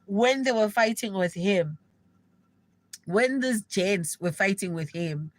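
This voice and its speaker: A young South African woman telling an animated, gossipy story to viewers of her live stream in casual slang. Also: medium pitch, takes it slowly, no room sound, rough recording. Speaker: livestreamer.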